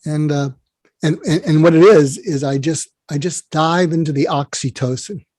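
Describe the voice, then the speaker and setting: High-voiced rambling male storyteller. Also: normal speed, a little mellow, dry recording. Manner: rambling storyteller, many restarts. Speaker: psychiatrist guest. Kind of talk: conversational interview storytelling.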